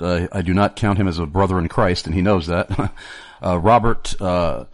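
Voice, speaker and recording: A man's voice: lowish voice, dry recording. A man hosting a casual theological discussion, earnest and argumentative, often restarting his sentences.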